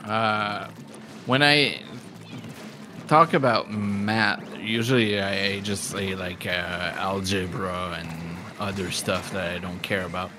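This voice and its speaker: A man's voice: on the low side, steady tone, slow pace, over music. A man hosting a live stream, chatting casually in a rambling, self-deprecating way and laughing often. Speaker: livestream host.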